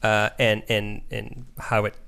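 A man's voice: lowish voice, level tone, slow, creaky, crowd noise. A man in casual podcast chat, explaining music history with fillers and hesitations. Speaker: podcast co-host.

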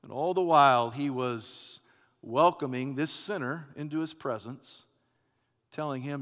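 A man preaching a sermon in a church sanctuary, dramatic and swinging between loud passages and hushed ones. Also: medium pitch, measured pace. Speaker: pastor. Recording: long reverb of a church hall.

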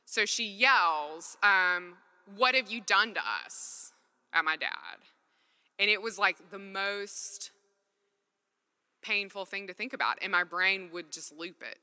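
Speaking slowly in a medium-pitched voice with a sharp tone, a woman gives a personal testimony from the stage at a faith gathering. Her talk is earnest and conversational, full of "like," and the large hall adds long reverb.

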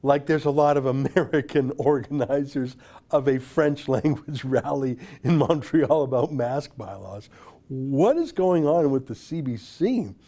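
Animated sarcastic male commentator. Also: mid-range voice, a little slow. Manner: sarcastic, incredulous, rhetorical questions. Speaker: political commentator. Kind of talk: opinion monologue.

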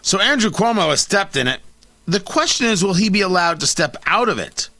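A male talk radio host ranting through an opinionated monologue, full of sarcasm and mockery. His voice is bright and a little high, swinging widely up and down in pitch. The studio sound is dry and close. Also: fairly quick, dry recording. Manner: sarcastic, animated, mocking.

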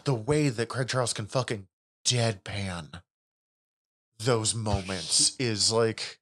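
A man co-hosting a casual podcast chat. His pitch swings widely as he gets worked up. He laughs often and swears casually as he talks. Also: fairly bright tone. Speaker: podcast co-host.

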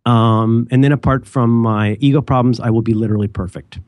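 A man's voice: medium pitch, fairly quick, few pauses, a little mellow, no room sound, studio quality. A man co-hosting a podcast, chatting casually in a rambling, jokey way and often interrupting himself. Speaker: podcast co-host. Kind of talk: casual chat.

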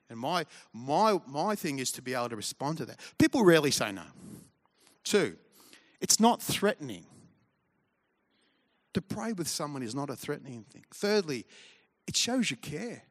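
A pastor delivers a sermon in a fairly high-pitched male voice. He talks in a relaxed, conversational way, mixing humor and stories into his preaching. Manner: conversational and humorous, with storytelling asides.

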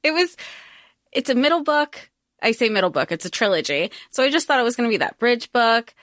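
A woman co-hosting a casual podcast, speaking frankly and with feeling, with casual swearing. Her voice is on the high side. The sound is dry and close. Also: a little fast, dry recording. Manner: candid, expressive, swears casually. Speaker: podcast co-host. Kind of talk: casual chat.

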